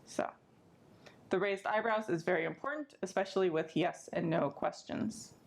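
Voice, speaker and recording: A woman librarian, teaching a step-by-step sign language lesson in a friendly, clear way. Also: fairly low pitch, moderate pace. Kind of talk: instructional video lesson.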